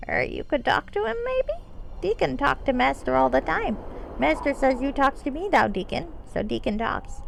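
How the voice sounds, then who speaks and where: A woman voicing a squeaky, timid kobold bard. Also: big pitch swings, normal speed, creaky, background noise, exaggerated voice. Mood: fawning. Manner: broken grammar, speaks of himself by name; high squeaky voice, some lines strained and out of breath. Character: timid, fawning male kobold bard servant. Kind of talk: live game-stream character voicing.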